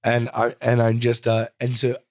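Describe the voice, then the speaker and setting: A man in his forties, a comedian guest, telling a rambling, animated anecdote in a casual interview, full of "like.". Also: medium pitch, normal speed, no echo, clean studio sound.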